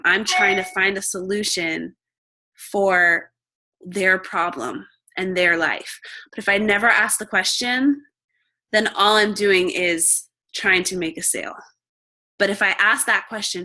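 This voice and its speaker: A woman's voice: medium pitch, measured pace, sharp tone. A young woman coaching new coaches in a chatty, upbeat talk, often acting out the chats she describes. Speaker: fitness coach mentor.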